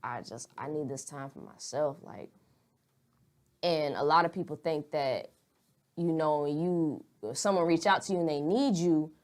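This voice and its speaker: Young woman, podcast co-host: lower register, frank, rambling, earnest, salty language. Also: unhurried, darkish tone. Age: young adult. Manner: candid, rambling, earnest, swears freely. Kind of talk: casual podcast chat.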